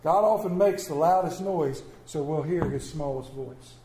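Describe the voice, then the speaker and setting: A man preaching a sermon as pastor, animated and humorous, swinging between loud declarations and hushed quiet moments. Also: on the high side, normal speed, reverberant. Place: church.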